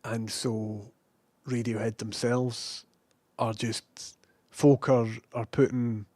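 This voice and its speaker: Taking it slowly, a young Scottish man in his adult years works through a relaxed livestream, reading the chat and cursing at himself in an animated, self-mocking way. His pitch is ordinary for a man, and the sound is close and dry, free of room sound.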